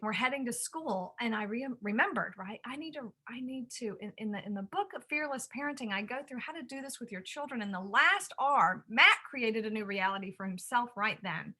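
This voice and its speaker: A woman's voice: a little high, animated, a little fast, hardly any pauses, pushed and bright. A woman who hosts a parenting show and writes on parenting, telling a personal story in an earnest, reflective way. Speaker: parenting author and podcast host.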